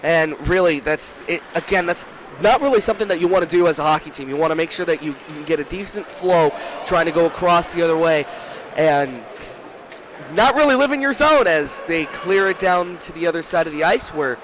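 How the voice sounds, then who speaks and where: A young man calling a hockey game from a rink booth, talking fast, shouting during rushes and often correcting himself. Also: on the high side, a little hiss or hum. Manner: rapid, rising to shouts during rushes, with frequent self-corrections. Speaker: play-by-play commentator. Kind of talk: live hockey play-by-play commentary. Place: broadcast booth at an ice rink.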